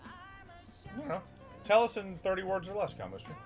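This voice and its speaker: A man's voice: high-pitched, wildly swooping pitch, normal speed, soft background music. A young man streaming a game with a friend in casual, joking, rambling chat.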